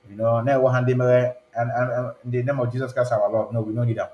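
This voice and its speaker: Speaking fast with a flat delivery, a man of medium pitch hosts a laid-back live stream, mixing English, Igbo and pidgin in chatty talk. The recording is muffled, with a roomy echo from the space.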